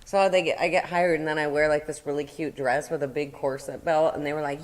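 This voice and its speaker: A young woman co-hosting a casual chat, giggly and animated as she tells stories. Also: sits low, a little fast, few pauses. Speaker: co-host.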